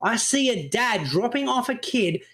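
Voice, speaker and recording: A man, a podcast co-host and parent, telling animated stories in casual chat and swearing freely. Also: very high voice, unhurried. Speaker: parent of a young child.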